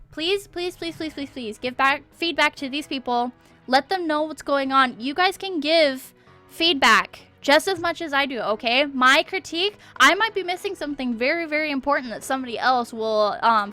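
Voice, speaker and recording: High, bright-voiced woman giving art critique. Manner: encouraging, checks in with "okay?" often; repeats words for emphasis. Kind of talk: live-stream art critique.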